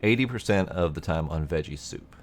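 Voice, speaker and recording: A man's voice: deep voice, expressive, brisk, a little hiss or hum. A man giving casual let's play commentary, thinking aloud as he plays and swearing mildly now and then. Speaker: gameplay commentator.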